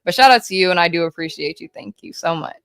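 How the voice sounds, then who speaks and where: A woman livestreaming, reading chat messages aloud in a hyper, rapid-fire, casual way with frequent swearing. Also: fairly low pitch, expressive, vocal fry, fairly bright tone, a little hiss or hum.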